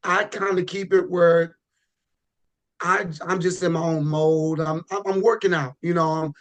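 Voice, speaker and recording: Relaxed, rambling man, fairly high voice. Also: a little slow. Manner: relaxed, rambling with frequent restarts and "you know". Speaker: podcast guest, pro bodybuilder. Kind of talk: casual podcast chat.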